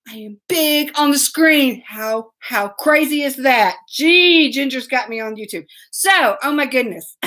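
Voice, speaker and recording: A woman hosting a live web show, greeting viewers by name in a bubbly, excitable way and laughing often. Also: high voice. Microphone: laptop mic.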